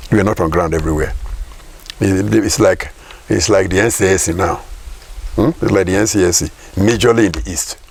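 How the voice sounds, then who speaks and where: Emphatic Nigerian man, gravelly voice. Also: low-pitched, fairly quick, a little hiss or hum. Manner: emphatic, rhetorical questions, repeats key lines. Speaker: political commentator guest. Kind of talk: political interview.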